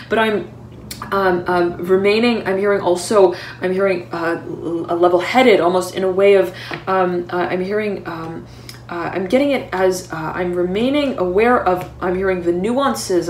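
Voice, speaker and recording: Female tarot reader at home, halting, searching delivery, roomy sound with faint background hum. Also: fairly low pitch. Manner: halting, keeps repeating "I'm hearing" between words. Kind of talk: intuitive tarot reading to camera. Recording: roomy echo.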